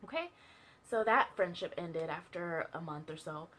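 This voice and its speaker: A woman's voice: fairly low pitch, animated, normal speed, fairly bright tone, slight background noise. A young woman telling a personal story in a chatty, casual way, full of fillers and asides. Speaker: vlogger sharing a testimony.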